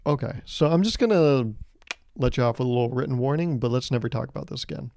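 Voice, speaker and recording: A man in his twenties with a mid-range, gravelly yet mellow voice talks fast while hosting a solo comedic podcast. The recording is clean studio sound with no room echo, as he rambles sarcastically, swears freely and acts out little scenes.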